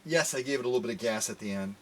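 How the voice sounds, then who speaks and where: A man's voice: medium pitch, racing, music in the background. A man hosting a live premiere sewing demo, talking playfully to viewers as folks. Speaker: sewing machine restorer.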